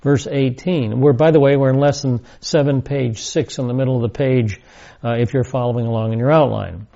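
A man teaching a Bible study lecture, speaking deliberately and emphatically, repeating key words. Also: medium pitch, steady tone, gravelly, warm tone, muffled recording.

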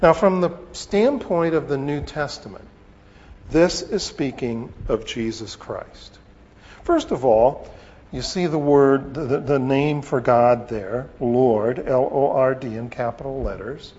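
A man teaching a sermon on scripture, with a slow, deliberate delivery and pauses. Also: medium pitch, a little mellow. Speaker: preacher. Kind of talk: expository Bible teaching. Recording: long reverb, dull lo-fi sound.

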